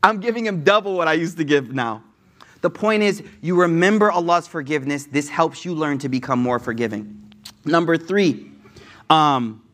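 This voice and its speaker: A man's voice: high-pitched, a bit bright. A man giving a casual sermon, retelling stories in slangy everyday speech with acted quotes. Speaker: Islamic preacher.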